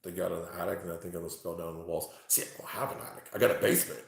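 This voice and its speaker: A man reading tarot live for his chat from home, talking excitably, swearing freely and exclaiming. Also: low voice, racing, vocal fry. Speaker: tarot reader livestreaming to chat. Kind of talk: casual live-stream chat. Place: at home, indoors. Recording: very echoey room.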